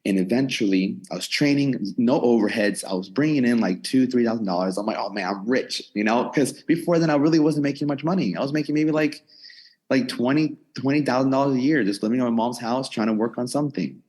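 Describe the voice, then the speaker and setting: Husky-voiced young man telling his story. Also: medium pitch, quick pace. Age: 20s. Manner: animated storyteller, quotes himself and others. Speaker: gym owner and personal trainer. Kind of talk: casual storytelling interview. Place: his gym in a converted storage unit.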